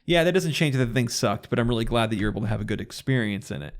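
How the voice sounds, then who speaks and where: A man with a gravelly, creaky voice talks casually on a gaming podcast. He rambles, restarts his sentences and gets eager as his ideas build. His pitch sits in an ordinary middle range. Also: expressive, rapid-fire. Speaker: podcast guest.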